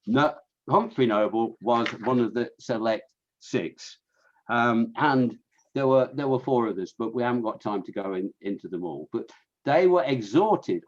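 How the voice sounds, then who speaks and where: A man's voice: mid-range voice, muffled recording. A man with a Fenland accent giving an illustrated history talk to an audience, chatty, with restarts and asides to his listeners. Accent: Fenland English. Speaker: lecturer on scouting history.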